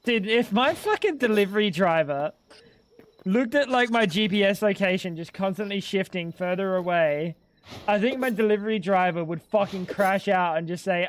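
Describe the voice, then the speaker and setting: A man's voice: high-pitched, normal speed, slight background noise. A young man streaming a game at home on a desk microphone, rambling and joking to his chat with plenty of swearing. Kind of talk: casual gaming stream commentary.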